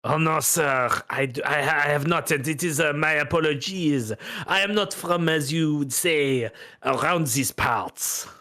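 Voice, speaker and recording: A man voicing a suave foreign gambler with a put-on French accent, speaking smoothly and courteously. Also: fairly high pitch, a little slow, sharp tone. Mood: smooth courtesy.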